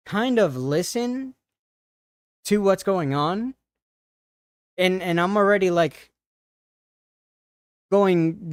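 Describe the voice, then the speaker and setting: A man on a livestream retelling an upsetting encounter in a halting, shaken way, with many restarts. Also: high-pitched, no echo, studio quality. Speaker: streamer. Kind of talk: casual storytelling on a livestream.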